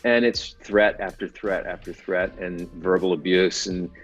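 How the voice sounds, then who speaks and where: A man's voice: deep voice, steady tone, measured pace, soft background music. A man, an actor, talking casually in an interview about his work, self-deprecating, laughing often and restarting his sentences.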